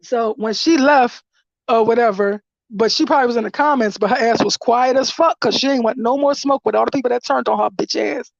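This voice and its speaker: High-voiced woman ranting animatedly. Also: fairly quick, creaky, dry recording. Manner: animated, profane, laughing through retelling. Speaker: vlogger. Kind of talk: casual storytelling rant. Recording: dull lo-fi dry sound.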